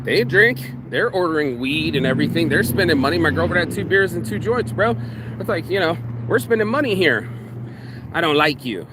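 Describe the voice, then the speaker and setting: A man's voice: high voice, brisk, very noisy. A man vlogging outdoors in a park, ranting bluntly and profanely in a casual monologue.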